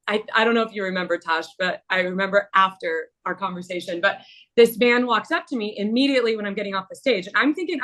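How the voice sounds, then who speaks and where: A woman in her thirties with a medium-pitched, fairly bright voice. As a webinar panelist, she shares a personal story candidly, halting often and using many fillers.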